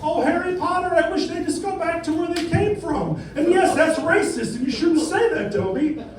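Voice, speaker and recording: A stand-up comedian doing a fussy, pleading male house elf servant in a high voice, on a club stage. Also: moderate pace. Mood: whiny. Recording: echoey room, distant mic, noisy.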